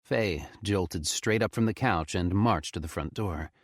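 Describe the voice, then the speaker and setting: A man reading a horror story aloud with expressive, tense storytelling. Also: low-pitched, a little slow, dry recording, clean studio sound. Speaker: audiobook narrator. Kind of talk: scripted horror narration.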